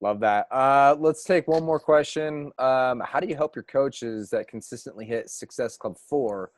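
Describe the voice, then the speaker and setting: Brief: man, interview host, upbeat and affirming, mid-pitch, dry close sound. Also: measured pace, dry recording. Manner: upbeat, affirming asker of questions.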